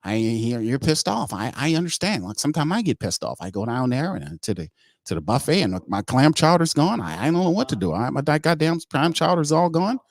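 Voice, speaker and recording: A man's voice: on the high side, sing-song, fairly quick, no room sound. Man parodying a stammering, self-absorbed middle-aged executive who rambles about trivial gripes, in a mocking sports-talk bit. The voice stays close and dry, with no room sound. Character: aloof pompous middle-aged male team executive.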